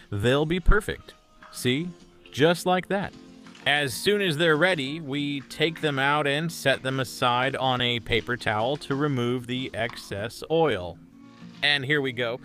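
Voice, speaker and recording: A man's voice: medium pitch, a bit bright. A man hosting a cooking channel, chatting enthusiastically to viewers as he cooks in a home kitchen. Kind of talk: casual cooking demonstration.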